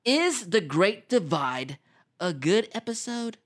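A man's voice: high voice, very animated, a bit bright, exaggerated voice. A man doing a dramatic movie trailer announcer voice, drawing out each phrase. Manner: dramatic, drawn-out delivery.

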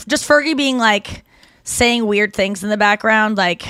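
A Canadian woman co-hosting a podcast, telling stories in casual chat with lots of "like" and quick self-corrections. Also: on the high side, a bit bright, dry recording. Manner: chatty storytelling, heavy use of "like", quick self-corrections. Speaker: podcast co-host.

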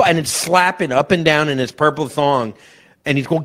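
A man co-hosting a podcast, telling a long story and acting out loud shouted quotes. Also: on the high side, steady tone, fairly quick. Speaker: podcast co-host. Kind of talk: casual chat.

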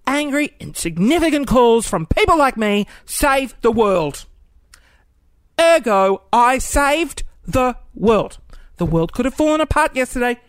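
A man telling a comic story at home, animated and self-mocking, acting out the voices of the people in it. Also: very high voice, no room sound. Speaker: video creator telling a story. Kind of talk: casual comedic storytelling. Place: at home, cooking.

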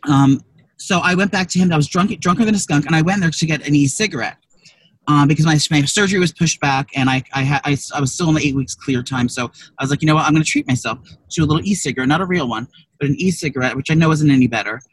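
A man talking very fast in a slightly high voice. He chats casually as a podcast co-host, telling a rambling, profane story from the car. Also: slightly rough, dry recording, poor audio. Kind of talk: casual chat.

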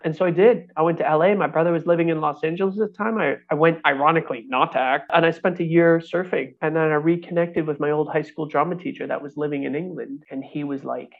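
A Canadian actor in his thirties tells his career story in an easy, chatty way, jumping into the voices of the people he quotes. His voice is gravelly and sits a little high. The sound is thin and phone-like. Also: brisk, hardly any pauses. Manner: animated, acts out quoted voices, laughs often. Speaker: actor and puppeteer. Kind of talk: casual storytelling interview.

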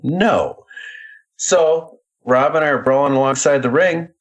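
A man's voice: fairly high pitch, unhurried, highs cut off. A man, a podcast guest, telling a story in a casual, wry way and building to each punchline. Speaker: guest, former wrestler.

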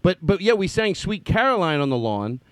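A middle-aged man chats like an old friend, his voice sitting high and swinging widely as he acts out the people in his tales. The sound is dry and close, with no room around him. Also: brisk, dry recording. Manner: animated storyteller, acts out quotes. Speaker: podcast host. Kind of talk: casual chat.

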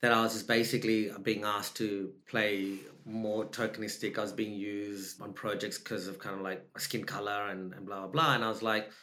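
A man with an Australian accent, an actor telling his story in a candid interview, animated and emphatic, acting out his own thoughts. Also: on the low side, normal speed, hardly any pauses. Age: adult with young children. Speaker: actor and podcast guest. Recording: roomy echo.

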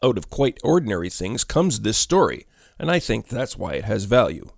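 A man narrates a ghost story in a low, measured voice, taking each sentence deliberately. The sound is close and dry, with no room around it. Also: sing-song, vocal fry, breathy edge, no room sound.

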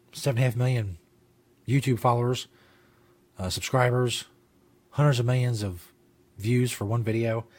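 Husky, rambling male talk host. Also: medium pitch. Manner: rambling, profane, laughs at his own jokes. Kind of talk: casual comedic talk show. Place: studio.

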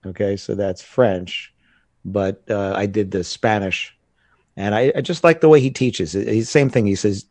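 Man from the US, lowish voice, lively storytelling, dry close sound. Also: measured pace, dry recording. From United States. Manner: animated storytelling with laughs. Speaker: guest. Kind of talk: casual conversation.

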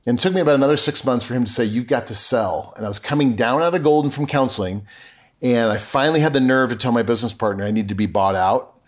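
On a podcast, a middle-aged guest shares a personal story in earnest, recreating remembered exchanges. His voice is medium-pitched and his pace quick.

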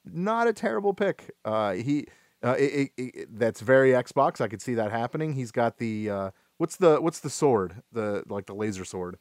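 A man hosts a relaxed gaming podcast and talks at a middling pitch, rambling and restarting his sentences with plenty of fillers. The sound is dry and close, with no room around it. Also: moderate pace, no room sound. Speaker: podcast host. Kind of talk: casual gaming podcast chat.

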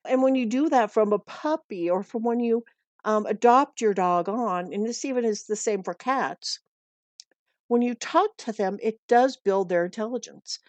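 A woman's voice: fairly high pitch, moderate pace, darkish tone, no echo. A middle-aged woman from the United States giving dog-walking and pet tips in a chatty, earnest way that often repeats itself. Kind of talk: casual advice talk.

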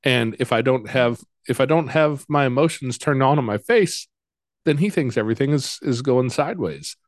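A man hosting a casual interview, talking in a relaxed, halting way and often repeating his words. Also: medium pitch, dry recording, studio quality. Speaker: podcast host.

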